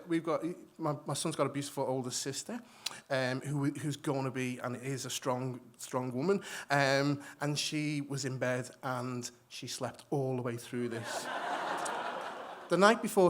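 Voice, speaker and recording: A man telling a story on stage to a live audience, animated, acting out voices and often restarting his sentences. He has moved to Australia from elsewhere. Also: mid-range voice, moderate pace. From migrated to Australia. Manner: animated, acts out quoted voices, frequent restarts. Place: stage in a hall before an audience.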